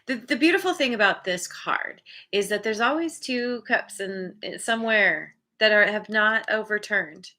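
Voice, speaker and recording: A woman doing a casual spoken tarot reading, chatty and quick to laugh, often acting out people's reactions. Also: mid-range voice, lively intonation, bright, forceful tone. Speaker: tarot reader.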